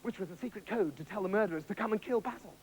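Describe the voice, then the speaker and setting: A man telling a comic story in a manic, excitable way. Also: high-pitched, rapid-fire, slightly rough, rough recording.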